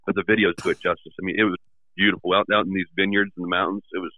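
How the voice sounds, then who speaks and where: A man's voice: low-pitched, flat delivery, very fast, no room sound. A man guest on a casual podcast, telling stories and acting out the people he quotes. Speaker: magazine editor and podcast guest. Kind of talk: casual storytelling chat. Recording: tinny phone-like sound.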